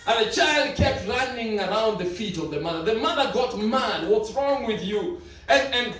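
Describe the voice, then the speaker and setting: A man's voice: high-pitched, animated, normal speed, pushed and bright. A male preacher delivering a sermon in a church, telling stories dramatically and repeating words for emphasis. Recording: echoey church from far off.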